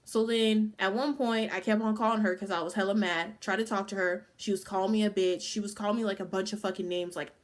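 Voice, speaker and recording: A young woman in her twenties tells a personal story straight to her followers. She swears often and leans on "like" in nearly every sentence. Her voice sits right at an ordinary middle pitch. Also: fairly even intonation, fast talker, few pauses. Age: 20s. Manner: casual, profane, full of "like" fillers. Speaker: vlogger. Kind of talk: casual storytime.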